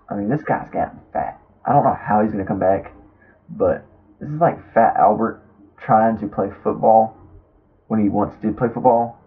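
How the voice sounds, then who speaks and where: A young man with a fairly low voice talks through his week in a loose, rambling way, stopping and restarting as he goes. The sound is thin and tinny, much like it is coming over a phone line. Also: fairly even intonation, brisk. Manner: rambling storyteller with many fillers and restarts. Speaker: vlogger. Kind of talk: casual rambling monologue.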